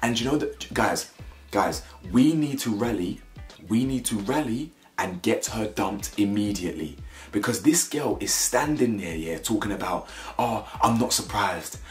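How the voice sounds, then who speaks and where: A man's voice: lowish voice, expressive, normal speed. Blunt, slangy British young man. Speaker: reality show commentator. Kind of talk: opinionated reaction commentary. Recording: echoey room with faint music.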